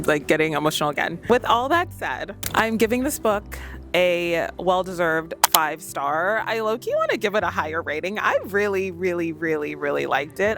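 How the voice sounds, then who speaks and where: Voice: mid-range voice, a bit bright. Gushing young adult vlogger. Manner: enthusiastic, gushing. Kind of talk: casual chat.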